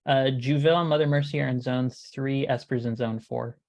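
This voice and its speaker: A woman's voice: rumbling low, fairly even intonation, darkish tone. Woman narrating as game master. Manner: descriptive, measured narration.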